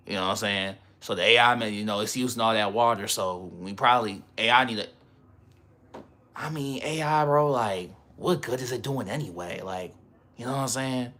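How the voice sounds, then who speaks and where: Bright-voiced rambling male streamer. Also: lowish voice, normal speed, long pauses. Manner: rambling, slangy, laughs often. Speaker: livestreamer. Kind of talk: casual livestream chat.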